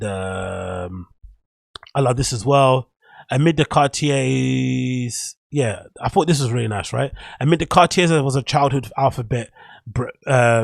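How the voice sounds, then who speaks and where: A man's voice: on the low side, creaky, husky, no echo. A man hosting a podcast, rambling through casual, opinionated commentary and reading an article aloud with stumbles and self-corrections. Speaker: podcast host.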